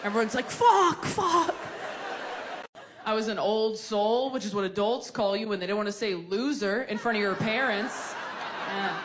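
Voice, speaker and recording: A woman's voice: mid-range voice, normal speed, background noise. A young woman, a stand-up comedian, bantering with the audience in a sarcastic, brash manner on a handheld mic. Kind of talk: stand-up set with crowd work. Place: comedy stage before a live audience. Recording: live show with loud crowd laughter.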